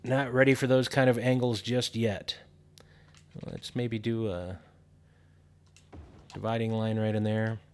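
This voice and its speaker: Relaxed man narrating a game tutorial. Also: fairly low pitch, unhurried, pauses often, clean tone. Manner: relaxed, thinking aloud with fillers. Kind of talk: casual gameplay tutorial narration.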